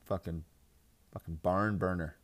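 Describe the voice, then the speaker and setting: A young man with a fairly low voice hosts a casual fantasy football podcast. He rants in a crude, mocking way, swearing freely and laughing often. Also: steady tone, a little slow. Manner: crude, joking, mocking, frequent laughs and filler "like"; mimics others in exaggerated voices. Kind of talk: casual profane podcast rant.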